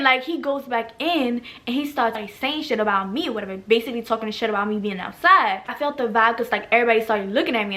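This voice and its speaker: A woman's voice: on the high side, fairly bright tone. A young woman from Africa in her twenties telling a dramatic story for her vlog, sassy and profane, acting out every line. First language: an African language. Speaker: storytime vlogger.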